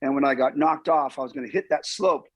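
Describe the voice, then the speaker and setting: A man's voice: mid-range voice, fast talker, slightly rough, dry recording. A man, a stuntman guest, telling stories in an interview and acting out the lines people said. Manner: animated, acts out quoted lines. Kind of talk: storytelling interview.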